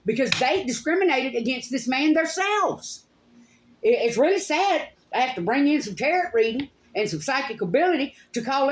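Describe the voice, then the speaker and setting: A woman's voice: high-pitched, big pitch swings, normal speed, noisy background. Furious woman ranting, echoey room. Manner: heated, accusing, swearing, repeats phrases for emphasis. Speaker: psychic channel host. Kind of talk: angry direct-to-camera rant.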